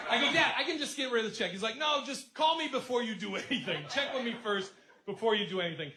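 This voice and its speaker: High-voiced chuckling stand-up man. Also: expressive, fast talker. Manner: rambling, chuckles through his lines. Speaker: stand-up comedian. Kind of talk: stand-up storytelling. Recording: echoey room with clear noise.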